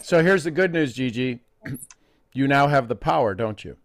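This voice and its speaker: A middle-aged man leading a live coaching session, playful and quick to laugh, often wandering off topic. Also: medium pitch, lively intonation.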